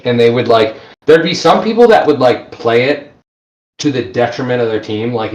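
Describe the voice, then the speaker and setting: A man hosting a casual comedy chat, telling stories with lots of swearing and lively energy. His voice sits in a middling range. The room around him rings with echo. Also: medium pitch. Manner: animated storyteller, swears a lot. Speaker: podcast host. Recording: echoey room.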